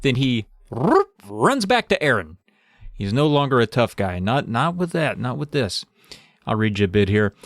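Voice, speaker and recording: A man co-hosting a casual podcast, retelling a book's plot with animated, chatty storytelling and a few curses. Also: mid-range voice, measured pace, no echo, studio quality. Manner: animated storytelling, swearing, tangents. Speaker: podcast co-host. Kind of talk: casual book recap chat. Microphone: studio mic, livestream.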